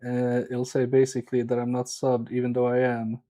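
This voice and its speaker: Male repair streamer, casual, teasing and self-mocking, warm voice. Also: mid-range voice, completely flat delivery, brisk. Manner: joking, self-mocking, chatty with viewers. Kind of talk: casual live-stream chat.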